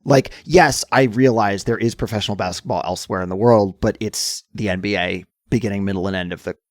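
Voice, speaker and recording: Raspy-throated guy on a podcast, lowish voice, explains stuff, no room echo. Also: a little fast, clean studio sound. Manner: explanatory, gets animated and mock-indignant. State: hoarse. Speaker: podcast co-host. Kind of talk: casual podcast chat.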